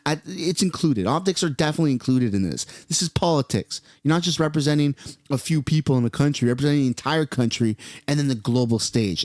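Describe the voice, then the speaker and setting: A man's voice: mid-range voice, no echo, studio quality. A man from Canada whose first language is French, giving blunt, profane reaction commentary in a casual, ranting way. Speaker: political commentator.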